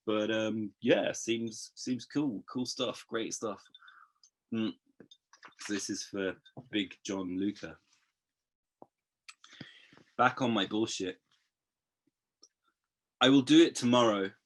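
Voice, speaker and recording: A man reading his poems aloud, expressive in the verse and hesitant and chatty between poems. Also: medium pitch. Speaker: poet. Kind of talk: poetry reading.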